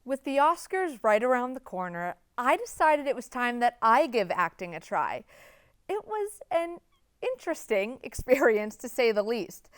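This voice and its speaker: A young woman in her twenties hosts a student comedy show, delivering scripted jokes with deadpan sarcasm. Her voice is smooth and clear, her pitch swings widely, and the sound is dry and close. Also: normal speed, dry recording. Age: 20s.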